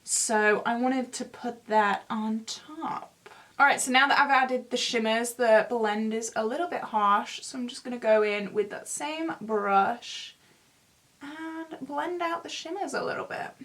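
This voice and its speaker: This beauty vlogger, a woman in her twenties, talks through a casual get-ready-with-me session while applying makeup, rambling and self-mocking. She speaks a little slowly, with a fairly high, a bit bright voice.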